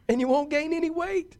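Male preacher, very high voice, animated sermon delivery with humor.

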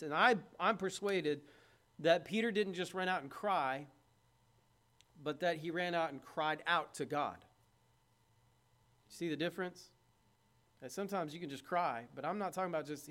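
A man preaching a sermon in a conversational way, asking the congregation questions and swinging from loud emphasis to hushed tones. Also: a little high.

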